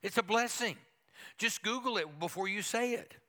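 A man's voice: high voice, moderate pace, bright, forceful tone. A middle-aged man, a pastor, preaching a folksy and humorous sermon with playful asides to the congregation.

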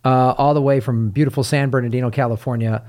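A man's voice: medium pitch, fairly even intonation, fast talker, a little mellow. A man co-hosting a movie podcast, chatty and joking as he introduces a guest. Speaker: podcast co-host. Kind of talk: casual movie chat.

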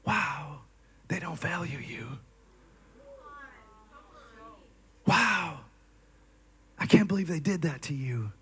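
A preacher voicing the sly, coaxing whisper of the flesh during a sermon. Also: male voice, fairly high pitch, animated, fairly quick, dark tone, pitched below the performer's own voice.

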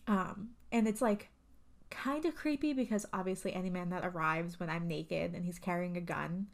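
A woman's voice: lowish voice, normal speed. A woman co-hosting a podcast, recapping a film in casual chat and rambling with many "um"s and "like"s. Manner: rambling, full of "um" and "like". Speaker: podcast co-host.

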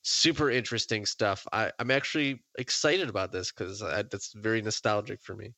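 A man's voice: fairly low pitch, normal speed, sharp tone, no room sound. A man hosting a podcast in casual chat, easygoing, laughing often, with plenty of fillers. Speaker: podcast host.

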